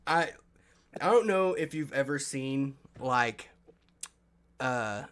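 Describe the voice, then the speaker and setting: Male tabletop player, casual and animated, mid-pitched voice. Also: slow pace, clear, resonant tone. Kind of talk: casual chat.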